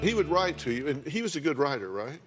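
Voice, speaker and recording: A man's voice: on the high side, sing-song, over music. Folksy man hosting a talk show. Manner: folksy, probing, reads letters aloud slowly. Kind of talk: studio interview. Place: television studio.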